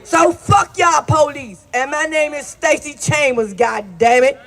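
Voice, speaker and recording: Furious shouting woman at a street rally. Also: sits high, measured pace, soft background music, a faint crowd. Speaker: rally speaker. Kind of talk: angry protest testimony.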